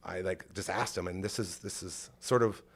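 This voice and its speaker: A podcast host with a deep, slightly rough voice tells an emotional story at normal speed, his intonation fairly even. He rambles casually and says "like" a lot.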